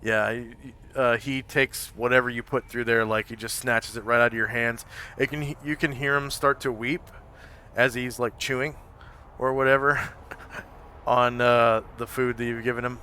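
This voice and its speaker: A man running a tabletop game, describing scenes haltingly with many fillers. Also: mid-range voice, level tone, sharp tone, slight background noise. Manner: hesitant, full of fillers. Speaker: game master. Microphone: home microphone on a live stream.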